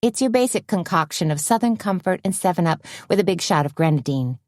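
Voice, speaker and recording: A woman's voice: lowish voice, lively intonation, brisk, darkish tone, dry recording, clean studio sound, voice pushed up, lightly acted. Woman doing a bossy, exasperated wife. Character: brash anxious woman scolding her husband.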